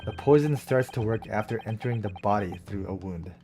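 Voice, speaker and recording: A man streaming a courtroom game, reading every character's lines aloud with excitable reactions of his own. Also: lowish voice, a little fast, creaky, background noise. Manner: switches between character voices, excitable reactions. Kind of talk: voicing all characters in a game playthrough.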